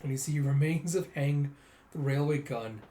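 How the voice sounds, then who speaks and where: A man casually retelling a comic book story, acting out the characters' lines in bursts of louder, higher voices. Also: moderate pace. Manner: animated, jumps into loud high voices for characters. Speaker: manga reader and commentator. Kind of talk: casual comic read-through with acted-out dialogue.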